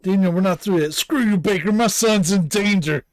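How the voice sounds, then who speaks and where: An explosive, hot-headed cop played by a man barks in a raised, strained voice. Every line comes out loud and short-fused, higher than his usual register. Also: moderate pace, no echo, natural voice. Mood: angry. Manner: shouting, angry.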